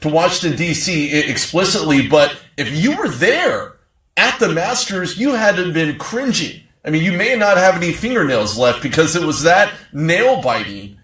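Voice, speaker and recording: Male sports talk host, high voice, loose and jokey, echoey room off-mic. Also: big pitch swings, normal speed, fairly bright tone, recorded from a distance. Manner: chatty, rambling and jokey.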